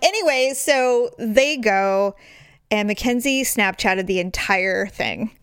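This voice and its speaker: A middle-aged woman hosting a casual chat, telling an animated story and acting out the voices of people she quotes. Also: medium pitch, slow pace, smooth, no room sound, studio quality.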